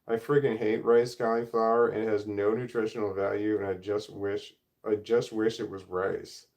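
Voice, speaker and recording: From a room in his home, a middle-aged man reads chat on a casual livestream and keeps wandering off on tangents in a rambling, self-deprecating way. His voice is fairly low and darkish, with little pitch movement and a moderate pace. He's recorded indoors on a camera or phone mic at his desk.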